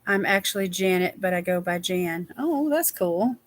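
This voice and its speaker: A woman's voice: fairly low pitch, expressive, moderate pace. A woman, chatting casually with viewers as a livestream host and reading their names aloud. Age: 60s.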